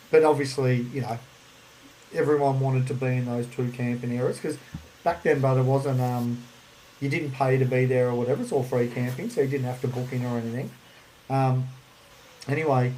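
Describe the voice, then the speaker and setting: A man's voice: medium pitch, dark tone, slight background noise, low-quality recording. A man with an Australian accent hosting a podcast livestream, telling a rambling story and swearing freely. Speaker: podcast host.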